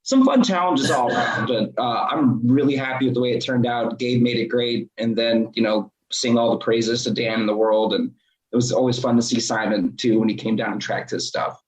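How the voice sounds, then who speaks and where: A man who plays in the band, talking in a rambling, relaxed way in a casual interview. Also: medium pitch, moderate pace. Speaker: band member. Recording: roomy, dull audio.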